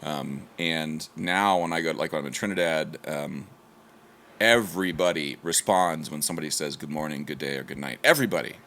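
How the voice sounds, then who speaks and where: A man's voice: extremely low pitch, a little fast, fairly bright tone, slight background noise. A man from Ohio in casual conversation, rambling with lots of "like" and restarts. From Ohio, USA. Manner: rambling, many fillers and restarts.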